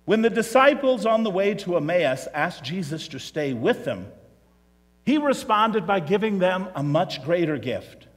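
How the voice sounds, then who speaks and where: A man's voice: high voice, sing-song, a little slow. A man giving a homily as a priest, telling the story vividly and voicing the characters along the way. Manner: storytelling, acting out the characters' lines. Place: church. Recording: long church reverb.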